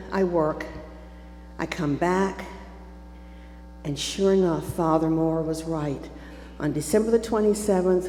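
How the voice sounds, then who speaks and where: A woman's voice: on the low side, dark tone. A woman in her seventies telling a personal story to a church congregation, acting out the voices of the people in it. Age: 70s. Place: church sanctuary. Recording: echoey church hall with faint hum.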